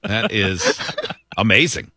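A man's voice: on the low side, sing-song, slow pace, sharp tone, dry recording. A man hosting a casual morning radio show, reading news items aloud and joking with his co-hosts. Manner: reads news aloud with jokes and laughter.

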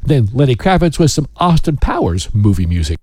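Male radio DJ, chatty storyteller, animated intonation, dry close mic. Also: mid-range voice, a little fast, breathy edge, dry recording. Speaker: radio host. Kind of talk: radio chat between songs.

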